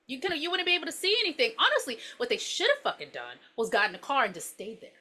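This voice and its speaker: A woman co-hosting a podcast in casual chat, with blunt, opinionated commentary and free swearing. Her voice sits a bit high and swings widely in pitch. She sounds bright and forward. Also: wildly swooping pitch, quick pace. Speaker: podcast co-host. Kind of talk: casual movie review chat.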